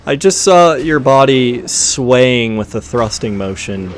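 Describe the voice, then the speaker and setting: A man's voice: medium pitch, animated, slow pace, slight background noise. A man chatting casually while playing a game with friends, teasing with dry, crude humor. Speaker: co-player. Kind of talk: casual gaming chat. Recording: game music clearly behind.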